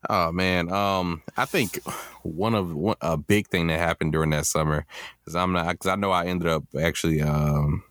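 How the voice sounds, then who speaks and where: A man's voice: low voice, fairly even intonation, moderate pace, fairly bright tone, dry recording. A man chatting casually as a co-host, laid-back with dry asides and some swearing. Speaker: podcast co-host. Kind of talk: casual chat.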